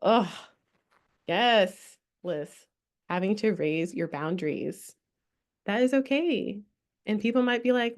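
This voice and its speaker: A young woman leads a spiritual workshop and guides a breathing exercise, talking casually, laughing a lot and swearing freely. Her medium-pitched voice has lively intonation; she takes her time with long pauses, and the sound is lo-fi.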